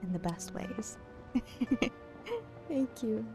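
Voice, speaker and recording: A woman streaming a game late at night, chatting casually and playfully with her viewers, teasing and giggling and sometimes dropping to a hush. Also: a little high, drawn-out words, music in the background. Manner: drops to a hushed late-night voice at times. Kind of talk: casual chat with live viewers.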